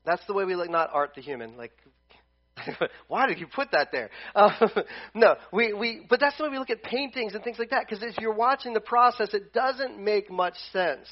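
A male pastor preaching a conversational sermon at a church service, animated and full of restarts. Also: high voice, moderate pace, lo-fi sound.

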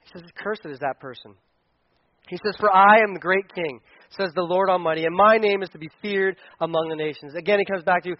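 High-pitched guy preaching, chatty and lively, acting out what people say, dry dull sound. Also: fast talker, no room sound. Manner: energetic, conversational preaching with acted-out quotes. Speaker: pastor. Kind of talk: sermon.

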